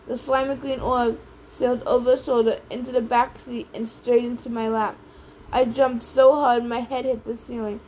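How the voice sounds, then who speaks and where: A woman reads a story aloud with lively audiobook narration. Her voice sits high. A faint hiss runs underneath. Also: moderate pace, low-quality recording. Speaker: audiobook reader.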